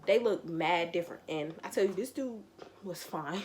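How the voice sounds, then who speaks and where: A young woman, telling a slangy, animated storytime with quoted asides in a casual vlog. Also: on the low side, normal speed. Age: young adult. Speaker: vlogger.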